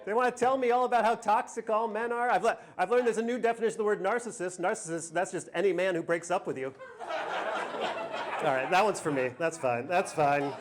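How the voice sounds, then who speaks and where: A man's voice: sits high, a little fast. A man performing a standup routine, sardonic and self-deprecating, firing off rhetorical questions. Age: 40s. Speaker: standup comedian. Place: live comedy venue with audience. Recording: live club recording, audience laughter. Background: crowd laughter.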